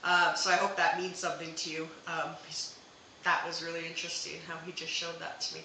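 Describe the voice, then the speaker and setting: A woman's voice: sits low, little pitch movement, brisk, sharp tone, heavy reverb, slight background noise, poor audio. A woman hosting a live psychic reading, talking hesitantly with many fillers and restarts. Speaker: psychic medium host.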